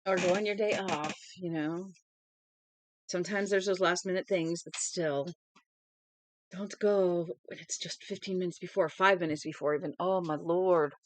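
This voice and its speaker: A woman's voice: on the low side, fairly even intonation, moderate pace, no echo, low-quality recording. A young woman reading a novel aloud to a live-stream audience, tired and yawning, chatty, with casual asides between passages. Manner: chatty, breaks off reading to talk to chat.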